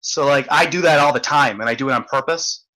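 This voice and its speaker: A man's voice: mid-range voice, fairly quick, sharp tone, poor audio. A man hosting an online hangout, ranting in casual chat, swearing and restarting often. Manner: profane, ranting, stammering restarts. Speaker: host.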